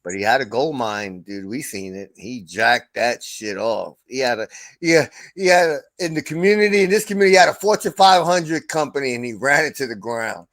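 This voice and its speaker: A man's voice: mid-range voice, lively intonation, brisk, a bit bright, dry recording. A middle-aged man hosting a casual livestream chat, telling stories loosely with lots of swearing and laughter. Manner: profane, laughing storyteller. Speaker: stream host.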